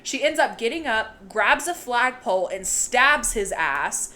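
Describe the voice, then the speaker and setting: Woman co-host, slightly high voice, swears freely, laughs through casual horror-movie recaps. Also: expressive, measured pace, sharp tone. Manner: profane, laughing, retelling plot with put-on quotes. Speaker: podcast co-host.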